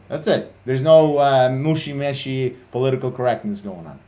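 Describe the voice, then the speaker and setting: A man's voice: mid-range voice, a little fast, hardly any pauses, dark tone. A man hosting a trading livestream, talking bluntly and swearing a lot, with many fillers and restarts. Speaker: CEO and livestream host. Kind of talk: casual livestream talk.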